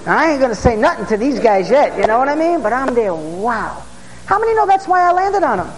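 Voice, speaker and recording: Excitable high-voiced New preacher man. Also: brisk, in a large hall, poor audio. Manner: excitable, bursts into shouts, asks the crowd for amens. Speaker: preacher, former police officer. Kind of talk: storytelling sermon.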